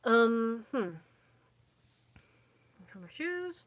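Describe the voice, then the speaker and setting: Speaking very slowly, in a slightly high voice with lively intonation, a young vlogger chats casually with her viewers. She's in a dim home, recorded on a phone camera, and she rambles and loses track of her thoughts.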